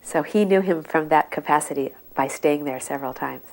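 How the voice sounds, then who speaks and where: A woman with a lowish voice tells old anecdotes in an easy, meandering way. She speaks as a devotee sharing memories, unhurried and conversational. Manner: relaxed, meandering storytelling. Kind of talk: recounted anecdotes.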